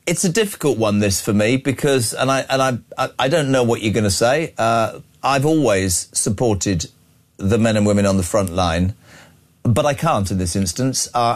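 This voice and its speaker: A male talk radio host, reading out listener messages and bantering bluntly on a live breakfast show. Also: mid-range voice.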